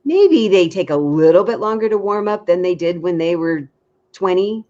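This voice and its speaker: A woman dating coach giving frank, lively advice in a casual chat, acting out little quotes. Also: fairly low pitch, moderate pace, highs cut off.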